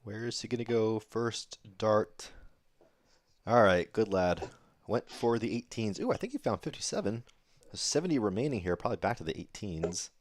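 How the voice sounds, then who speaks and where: A man doing live darts commentary, getting excited on big throws. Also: fairly low pitch, normal speed. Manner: excitable, rises sharply on big moments.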